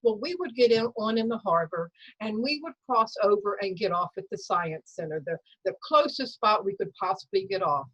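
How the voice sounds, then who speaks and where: A woman telling a personal story at a story slam over a video call, in a lively, dramatic way. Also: medium pitch, normal speed, hardly any pauses, slightly rough, low-quality recording. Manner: lively, dramatic storytelling that acts out voices and sounds.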